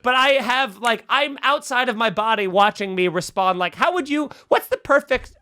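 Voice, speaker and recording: A man's voice: extremely high pitch, moderate pace, clean tone, dry recording, studio quality. A young man, a comedian hosting a podcast, telling a funny story and acting out the voices of the people in it. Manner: animated, acts out quoted voices.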